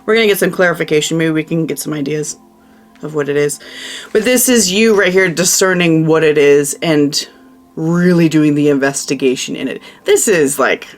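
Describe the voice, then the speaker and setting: A woman giving a casual tarot reading, chatty and emphatic, who often repeats her phrases. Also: deep voice. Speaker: tarot reader.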